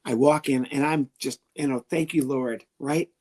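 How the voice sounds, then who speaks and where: A man, a comedian guest on an interview show, telling an animated story and acting out the people in it. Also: mid-range voice, moderate pace. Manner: lively, animated, acts out the people he quotes.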